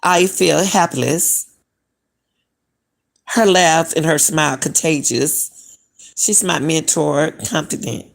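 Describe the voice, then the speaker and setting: A woman's voice: sits low, takes it slowly, vocal fry, pauses often. A middle-aged woman hosting a casual live-stream, talking to viewers as "y'all" and questioning what she reads. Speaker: commentary channel host.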